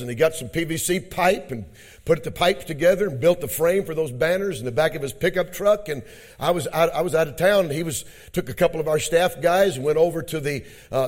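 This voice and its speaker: A middle-aged pastor preaching a sermon, telling a story in a low, quiet voice and then rising to loud shouted exhortation. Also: male voice. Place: church conference hall.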